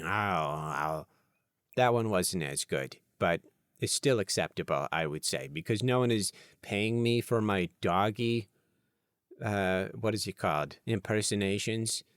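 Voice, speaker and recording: A man hosting a podcast alone, rambling playfully and thinking out loud at his desk. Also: lowish voice, no echo, studio quality. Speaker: podcast host. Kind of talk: casual solo podcast talk.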